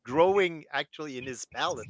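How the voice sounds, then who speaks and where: A man's voice: fairly high pitch, expressive, a little fast, rough recording. A man who is a father, chatting casually and stumbling over repeated words. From Canada. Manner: repetitive, stumbling restarts. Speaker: podcast co-host. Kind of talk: casual chat.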